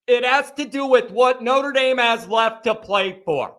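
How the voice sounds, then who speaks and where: A man's voice: very high voice, a little slow, a bit bright. A man hosting a live sports reaction show, talking in a fired-up, ranting way.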